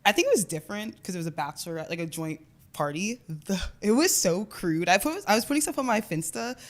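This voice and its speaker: A woman's voice: mid-range voice, animated, fast. Chatty young woman telling a story. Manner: chatty storytelling, swears often, says "like" a lot. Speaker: podcast co-host. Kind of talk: casual chat.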